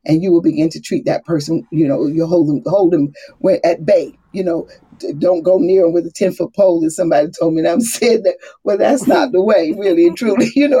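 Animated woman with a husky, mellow voice. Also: on the low side. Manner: animated, laughing, acts out quoted voices. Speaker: Bible study speaker. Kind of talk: casual faith talk.

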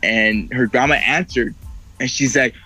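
A man's voice: mid-range voice, a little slow, bright, forceful tone, slightly rough, poor audio. A man telling a story in loose, casual chat, rambling along and swearing freely. He jumps into the voices of the people in it as he goes. Faint music plays underneath. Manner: rambling, heavy swearing, acts out quoted voices. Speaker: podcast guest.

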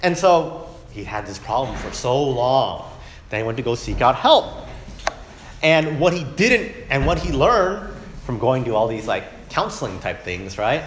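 A man teaches a Bible lesson to his class in a casual, lively way. He keeps checking in with "right?" and acts out the lines he quotes. His voice echoes around the room. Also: mid-range voice, measured pace, slight background noise. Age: adult, parent of young kids. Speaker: Sunday school teacher. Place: church classroom.

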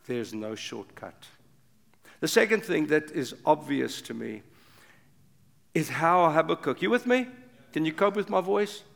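Older man, gravelly voice, impassioned sermon, loud bursts and hushed passages, long hall reverb. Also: on the high side, expressive, unhurried, pauses often. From South Africa. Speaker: preacher.

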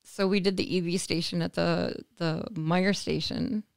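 A woman from the United States, an interview guest telling a personal story in conversation, animated and acting out what others said. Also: on the low side, normal speed, vocal fry, smooth, no echo, studio quality. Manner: animated, acts out quoted voices, laughs between phrases.

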